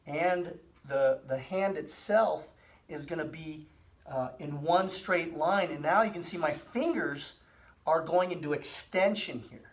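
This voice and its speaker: A man's voice: on the high side, measured pace. Man explaining a hand exercise. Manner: relaxed, repetitive explanations with fillers. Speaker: physical therapy host. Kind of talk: casual instructional demonstration.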